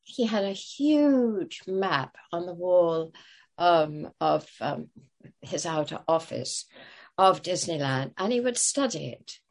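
A woman's voice: lowish voice, animated, slow. An older woman telling stories as an interview guest, hesitant, with many fillers and restarts. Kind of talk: casual interview storytelling.

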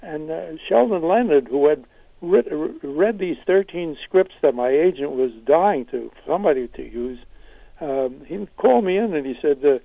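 An older man, a comedy writer, answering interview questions as he tells wry stories with halting restarts, heard over a phone line. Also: on the high side, expressive, creaky, no echo.

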